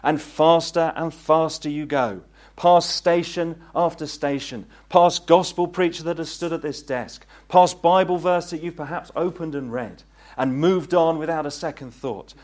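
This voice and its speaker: A man preaching a gospel sermon, earnest and pleading, rising to fervent peaks and then dropping low. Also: unhurried, hardly any pauses, a little mellow. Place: meeting hall.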